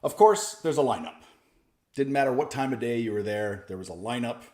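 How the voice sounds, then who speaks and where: A comedian telling stand-up stories in a mid-range male voice. He keeps a dry, deadpan delivery that jumps into lively bursts. The sound is roomy and echoey. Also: medium pitch, fairly quick. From Canada. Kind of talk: stand-up storytelling. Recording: echoey room.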